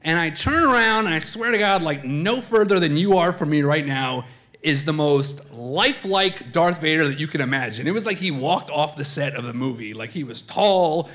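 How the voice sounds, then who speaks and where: A man telling a comic true story live on stage, chatty and animated, slipping into voices. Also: a little high, moderate pace. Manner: animated, conversational, swings into voices. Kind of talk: live comedic personal storytelling. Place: theater stage before a live audience.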